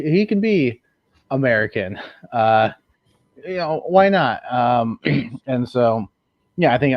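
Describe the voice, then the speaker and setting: A man's voice: lowish voice, dry recording. A man speaking as a panelist in a casual chat, hesitant and full of restarts. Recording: dull lo-fi mic.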